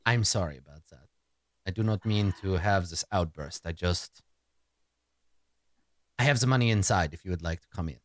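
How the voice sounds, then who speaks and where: A man voicing a condescending, scheming doctor who buys corpses, speaking formally and smoothly. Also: high-pitched, sing-song, moderate pace, a bit bright, dry recording, clean studio sound, voice pushed up. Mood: apologetic.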